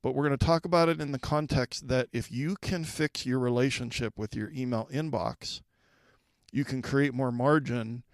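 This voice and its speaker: A man's voice: mid-range voice, moderate pace, no room sound. A man hosting a solo podcast for school leaders, talking conversationally and putting direct questions to the listener.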